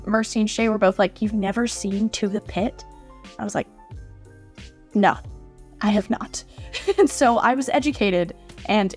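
Gushing young woman in a casual vlog. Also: fairly high pitch. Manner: gushing, playful and chatty. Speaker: model horse collector vlogger. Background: faint background music.

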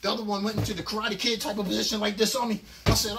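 A man telling a comic story on stage, animated and loud with sudden squeals, from a distant mic. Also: high-pitched, quick pace, gravelly, few pauses, a little hiss or hum. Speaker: comedian. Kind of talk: stand-up comedy storytelling.

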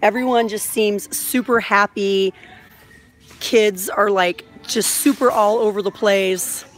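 This is a woman in her thirties vlogging live from inside a large store, recorded on a phone held on a vlogging mount. She talks in a bubbly, gushing, chatty way and sits at a middle pitch. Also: steady tone, slow. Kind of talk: live shop-with-me vlog.

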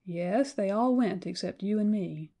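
A woman voicing a worn-out frontier man who talks gently to a child in a folksy drawl. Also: mid-range voice, a little slow. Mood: grim.

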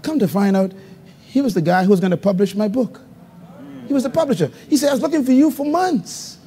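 A man preaching a live sermon as pastor to a congregation, calling for responses and swinging between loud high exclamations and low murmurs. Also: fairly quick. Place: church hall before a congregation. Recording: live recording with long hall reverb.

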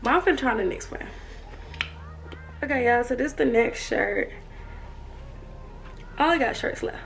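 A woman's voice: fairly high pitch, expressive, normal speed, vocal fry, slight background noise. Breathless chatty young woman in an echoey room. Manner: chatty, laughing, addresses viewers as y'all. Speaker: fashion vlogger. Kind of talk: casual try-on haul chat. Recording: echoey room, far from mic, faint music.

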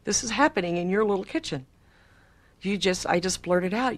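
A woman's voice: mid-range voice, normal speed. A woman in an archival interview, earnestly recounting a personal experience.

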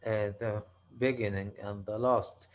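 A male university lecturer with an Arabic accent, explaining slowly in a halting way, often restarting and repeating himself. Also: lowish voice, fairly even intonation, dull audio. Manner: slow, halting explanation with frequent restarts and repetitions. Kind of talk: recorded online lecture.

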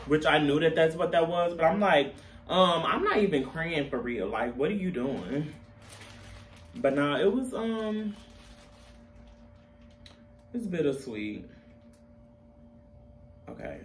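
A man's voice: fairly high pitch, animated, measured pace, pauses often. A young man talking casually to camera as a vlogger, candid and chatty, laughing at himself. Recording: distant camera mic, faint room noise.

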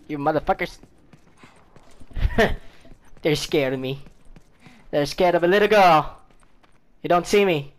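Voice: mid-range voice, measured pace, pauses often. A gaming video creator giving reaction commentary over gameplay, taunting and swearing at enemies, talking to the characters, laughing and yelping often. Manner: laughs often, sudden yelps and shouts; talks to the game characters.

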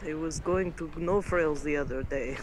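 A man's voice: fairly high pitch, normal speed, a little hiss or hum. A young man, joking and swearing with a friend while gaming. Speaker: friend playing along. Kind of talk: casual gaming banter.

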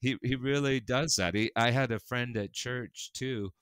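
A man, a pastor and podcast guest, telling personal stories in a casual, earnest and animated way, laughing often. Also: medium pitch, a little slow, clean tone, no echo. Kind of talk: casual conversational storytelling.

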